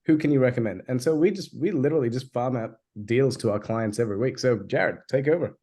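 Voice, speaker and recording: A man co-hosting a live online training, casual and jokey, cutting in with quick remarks. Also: mid-range voice, lively intonation, dark tone. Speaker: co-host.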